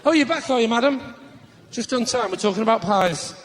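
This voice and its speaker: A middle-aged Northern English comedian works a theatre crowd on stage, his voice pitched high and swinging widely. He jokes with the audience and suddenly shouts for effect. The live recording carries clear crowd noise underneath. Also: lively intonation, fairly quick. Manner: bantering with the audience, sudden loud outbursts. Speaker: stand-up comedian.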